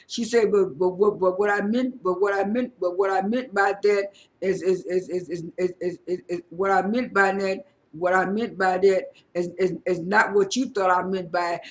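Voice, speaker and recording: A man casually recapping a reality show episode, talking in a halting way with many fillers and repeated words. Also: sits high, a bit bright.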